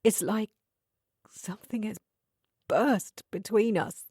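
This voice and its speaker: A woman voicing a distraught young man who talks in broken, hoarse whispers in an audiobook thriller. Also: medium pitch, slow pace, darkish tone, no room sound, clean studio sound. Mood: despairing.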